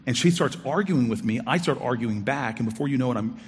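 Male storyteller, mid-pitched, animated and expressive with acted-out dialogue; reverberant hall sound. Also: fast, breathy edge. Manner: animated, acts out quoted dialogue with big pitch jumps. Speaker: storyteller on stage. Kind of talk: personal storytelling talk.

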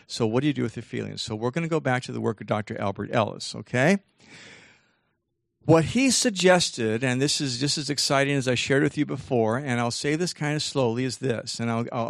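Creaky-voiced man lecturing. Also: medium pitch, no echo, studio quality. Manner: animated, repetitive, addresses the audience. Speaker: teacher giving a talk on feelings. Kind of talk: lecture with storytelling. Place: live talk with an audience.

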